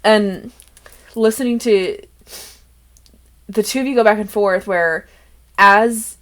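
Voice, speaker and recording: A woman's voice: medium pitch, slow pace. A young woman hosting and running a tabletop game, chatting casually with a player, rambling and laughing often between thoughts. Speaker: game master and host. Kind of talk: casual chat about a tabletop campaign.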